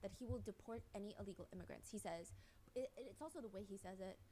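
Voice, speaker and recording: Woman, mid-pitched, reads a commentary script with sarcastic, blunt asides, faint noise under her voice. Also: fast talker, warm tone. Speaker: commentary video narrator.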